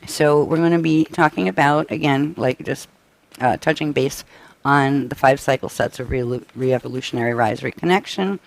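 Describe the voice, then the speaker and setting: A man presenting a live-stream workshop briefing, tired and coughing, with his voice giving out and frequent halting restarts. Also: mid-range voice, gravelly, dry recording. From United States. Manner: tired, up all night.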